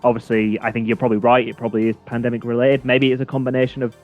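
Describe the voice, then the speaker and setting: A man's voice: mid-range voice, completely flat delivery, racing. A man co-hosting a games chat show, rambling with fillers and restarts and chuckling as he talks. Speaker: co-host. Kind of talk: casual chat. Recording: dull lo-fi sound with faint music.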